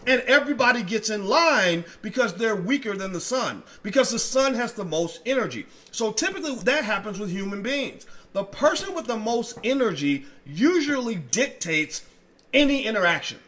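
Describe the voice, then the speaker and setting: A man's voice: sits high, big pitch swings, normal speed. Fiery, profane man with slurred speech. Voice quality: slightly slurred speech from dental work. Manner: fiery, profane, swings between loud outbursts and quiet asides. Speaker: commentary channel host. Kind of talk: livestream commentary, reading viewer comments.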